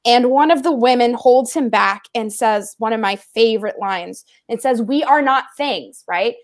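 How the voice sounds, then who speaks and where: This is a woman co-hosting a casual film discussion podcast. Her voice sits a little high, and she laughs easily and cracks wry jokes before turning earnest. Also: normal speed. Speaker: co-host.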